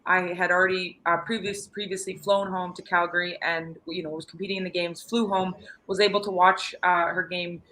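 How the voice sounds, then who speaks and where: A woman's voice: fairly low pitch, level tone, brisk, bright, forceful tone, slight background noise, rough recording. A woman, a retired curler, chatting casually as a guest with many fillers and restarts. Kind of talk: casual video interview.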